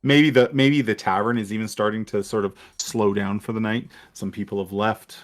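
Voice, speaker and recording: A man acting as dungeon master, narrating and voicing characters in a tabletop game, with a halting way of talking and many restarts. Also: on the low side, fairly even intonation.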